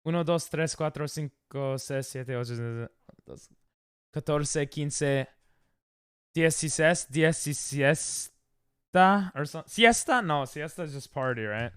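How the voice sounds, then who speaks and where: A young man chats loosely with his stream while playing, rambling and then yelping whenever the game goes wrong. His voice sits a little high and comes through smooth and clear. The close mic is dry, with no room sound. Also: lively intonation, measured pace, no echo. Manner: rambling, loud yelps when dying in game. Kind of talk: casual live-stream chat while gaming.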